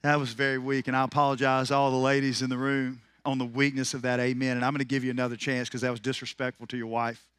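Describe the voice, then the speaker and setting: A man preaching a sermon as pastor, animated and joking, swinging from loud declarations into quiet asides. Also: mid-range voice, fast talker, smooth, no room sound. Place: church sanctuary.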